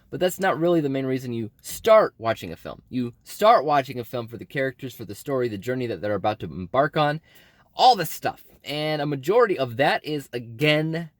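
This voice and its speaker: A man hosting his channel, giving a scripted movie review with an emphatic, animated delivery. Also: no echo, studio quality. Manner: animated, emphatic delivery with big pitch swings. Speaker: film reviewer and channel host.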